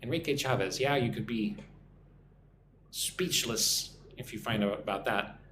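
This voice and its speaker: A man's voice: mid-range voice, a little slow, fairly bright tone, reverberant, slight background noise. A man from Texas with a mild Texan accent, teaching English on a live stream and reading viewer comments aloud in a chatty way. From Texas, USA.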